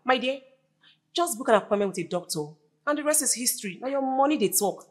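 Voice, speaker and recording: An actress with a Nigerian accent playing a pushy, teasing best friend giving bold advice. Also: female voice, high voice, animated, quick pace.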